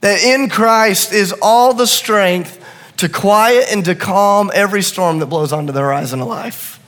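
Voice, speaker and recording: A middle-aged man preaching a sermon, swinging between hushed asides and rising urgency. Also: high-pitched, a little slow. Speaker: pastor. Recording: long reverb of a large hall.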